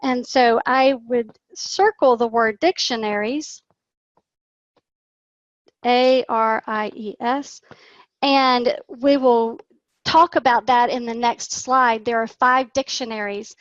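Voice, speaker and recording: Slow, high-voiced woman teacher. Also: fairly even intonation, no room sound, dull audio. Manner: slow and deliberate, acting out prompts for a young student. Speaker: online English teacher. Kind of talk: teacher explaining a lesson plan.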